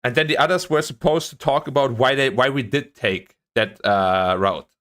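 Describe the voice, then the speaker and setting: A man's voice: medium pitch, normal speed. A young man streaming, chatting casually about a training day and ranting with frequent swearing. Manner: animated ranting, swears, voice jumps up when annoyed. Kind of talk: casual chat.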